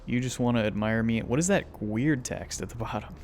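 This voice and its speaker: A man's voice: medium pitch, fairly quick, darkish tone, slight background noise. A man streaming a game live, making joking, wisecracking asides as he plays.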